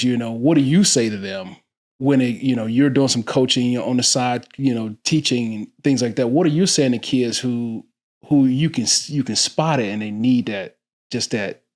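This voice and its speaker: A man with a medium-pitched voice hosts a casual podcast. He asks long, rambling questions and often restarts his sentences. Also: a little mellow. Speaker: podcast host.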